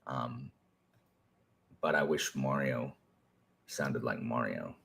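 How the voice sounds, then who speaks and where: A young man talking casually to a live stream chat, rambling and animated, with many fillers and restarts. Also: very deep voice, slow, gravelly, slight background noise. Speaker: teacher.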